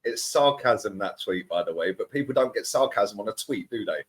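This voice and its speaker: A man ranting as a football fan pundit, animated and mocking other fans. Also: on the low side, moderate pace. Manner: animated, mocks other fans in put-on voices. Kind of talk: heated fan rant.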